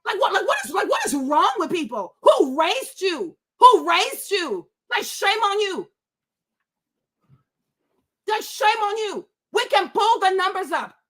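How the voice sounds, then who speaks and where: High-pitched woman ranting indignantly. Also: big pitch swings, unhurried, long pauses, fairly bright tone. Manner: indignant, repeats rhetorical questions, swears. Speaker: livestream host. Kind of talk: heated livestream rant. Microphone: webcam.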